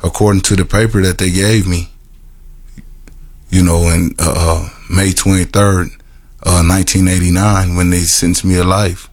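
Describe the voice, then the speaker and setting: A deep-voiced middle-aged man shares his story with a small group. He speaks earnestly and haltingly, repeating words and restarting phrases as he goes. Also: little pitch movement. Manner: halting, repetitive storytelling with many restarts and fillers; earnest and emotional, laughs at himself. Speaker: formerly incarcerated man telling his story. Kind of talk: personal testimony to a group.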